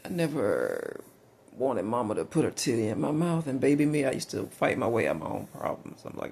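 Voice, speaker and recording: A man's voice: mid-range voice, sing-song, fairly quick, vocal fry, darkish tone, slight background noise. A middle-aged man with a Southern US accent, talking through a frank, meandering personal monologue with lots of fillers and restarts.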